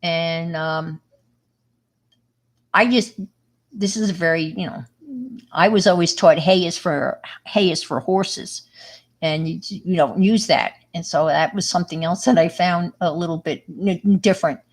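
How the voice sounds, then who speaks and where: A woman's voice: on the low side, measured pace. A middle-aged woman with a New York accent, chatting casually with viewers on her livestream, rambling with lots of fillers and restarts. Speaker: livestream host.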